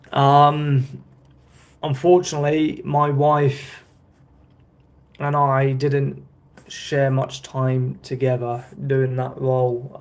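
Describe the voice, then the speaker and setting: A young man vlogging in a casual chat, rambling, correcting himself and checking in with his viewers. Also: on the high side.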